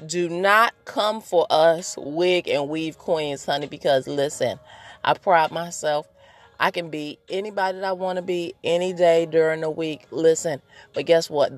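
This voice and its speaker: A woman hosts her own podcast, chatting casually and playfully straight to her listeners. Her voice sits a little low for a woman, and she laughs easily between points. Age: adult, married. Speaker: podcast host. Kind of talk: casual solo podcast chat.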